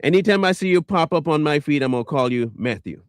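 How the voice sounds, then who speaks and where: Man, online commentator, high voice, sarcastic insult-laden rant, dry sound. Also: expressive, fast, clear, resonant tone, dry recording. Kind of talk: ranting reply to viewer comments.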